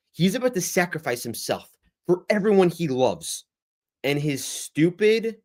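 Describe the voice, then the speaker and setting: A young man hosting a casual livestream Q&A, rambling and reacting to the chat in a lively, chatty way. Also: a little high. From United States. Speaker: livestream host.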